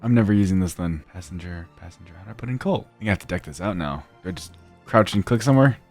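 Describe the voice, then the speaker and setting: A young man giving casual gameplay commentary, talking to himself, muttering quietly at times and breaking into loud excited shouts. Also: deep voice, racing, faint music behind. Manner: drops to near-whispered mutters while working. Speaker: gaming YouTuber.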